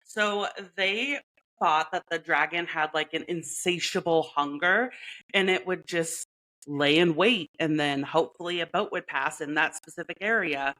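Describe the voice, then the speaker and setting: Low-voiced chatty woman podcaster. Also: measured pace, sharp tone, poor audio. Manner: chatty, playful, laughs often, many "like" fillers. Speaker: podcast co-host. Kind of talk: casual chat.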